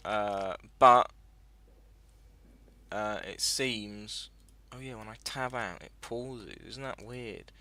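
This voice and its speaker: Very bright-voiced man rambling over gameplay. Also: fairly low pitch, takes it slowly. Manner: rambling, chatty, sweary, self-correcting. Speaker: gaming video host. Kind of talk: casual gameplay commentary.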